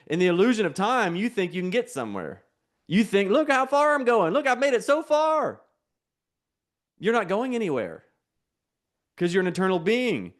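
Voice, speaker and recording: A man preaching a sermon in a lively, conversational way, leading the listeners in call-and-response and repeating key phrases. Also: high-pitched.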